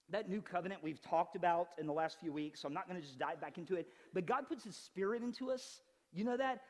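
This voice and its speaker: Forties guy preaching, high voice swinging all over, jokey and lively, big echoey church hall. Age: 40s. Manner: animated, conversational preaching with humor. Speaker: pastor. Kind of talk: sermon. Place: church sanctuary.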